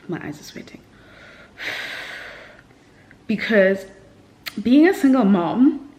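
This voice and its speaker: A young woman talking candidly and rambling in a personal vlog at home. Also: fairly low pitch. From South Africa. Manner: rambling, candid, tearful at times. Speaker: vlogger. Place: home at night.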